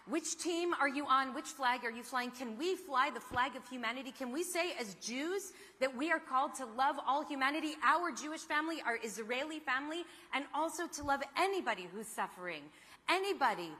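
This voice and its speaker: A woman's voice: high voice, pushed and bright. A middle-aged woman giving an earnest, impassioned speech, full of rhetorical questions. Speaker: panel speaker. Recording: hall reverb.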